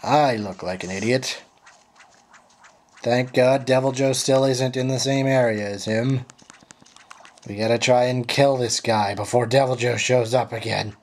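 A man giving profane, frustrated live commentary while playing a video game, yelling at his companions and apologizing to viewers. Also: medium pitch, steady tone, a little slow. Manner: frustrated, swearing, sarcastic. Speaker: gameplay commentator.

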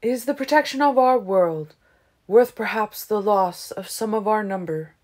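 A woman's voice: medium pitch, a little slow, pitched above the performer's own voice, close to an everyday voice. A woman reading as a silken ancient vampire lord. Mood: smooth, condescending. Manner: tolerant, silken, falsely gentle. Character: ancient smooth-talking male vampire leader. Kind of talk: audiobook character reading.

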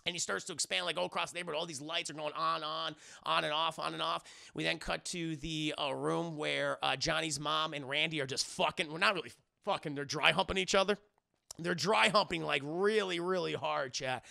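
A man's voice: a little high, fairly even intonation, brisk, gravelly, pushed and bright. A man recapping an episode to a live chat in a rambling, profane style. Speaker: online reviewer.

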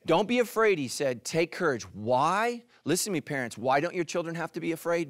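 A middle-aged male pastor preaching a sermon, animated, swinging from loud emphatic peaks to hushed, quiet lines. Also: a little high, brisk, hardly any pauses, no echo, studio quality. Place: church stage.

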